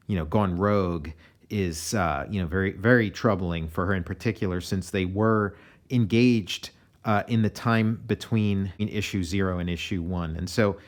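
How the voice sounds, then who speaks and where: An American comic artist giving a relaxed, meandering commentary on his own pages, often restarting his sentences. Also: sits low. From United States.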